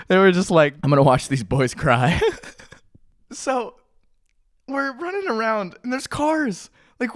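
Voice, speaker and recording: A man's voice: sits high, no echo, clean studio sound. A young adult man telling a rambling childhood story at home, laughing often, as a casual morning chat on his channel. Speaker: vlogger. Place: at home with a pet. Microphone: mic on a stand.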